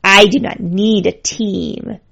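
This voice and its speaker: A woman's voice: lowish voice, measured pace, creaky. A proud, sneering male lord of the underworld from a storybook reading, haughty and scornful, as a woman narrator puts him on. The recording is slightly dull.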